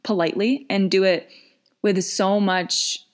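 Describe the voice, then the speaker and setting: A woman's voice: medium pitch, fairly even intonation, a little slow. A young woman in her twenties giving casual business coaching advice, chatty with lots of fillers and restarts.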